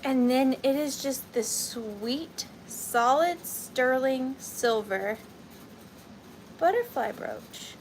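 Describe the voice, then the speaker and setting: A woman's voice: sits high, animated, very slow, slight background noise. A woman hosting a live vintage sale online, chatting casually and rambling happily to her viewers. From Georgia, US. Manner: chatty, rambling, giggly, talks to viewers by name. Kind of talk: casual live-stream selling chat.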